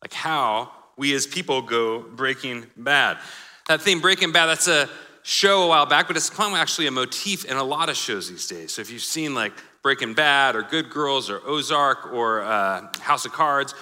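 A man's voice: mid-range voice, normal speed, pushed and bright. A man preaching a sermon, joking and laughing at his own examples. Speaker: pastor. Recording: live sermon in a hall with long reverb.

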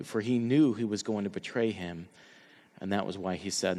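A man's voice: on the low side, normal speed, a little mellow, in a large hall. A man preaching a sermon in an earnest way, restarting and repeating words as he builds emphasis. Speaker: pastor.

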